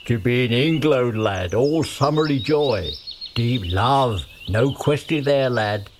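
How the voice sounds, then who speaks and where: A man's voice: medium pitch, animated, takes it slowly, slight background noise. A man voicing a wise, cheerful old male bumblebee who gives folksy advice in garbled nonsense words. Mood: jolly.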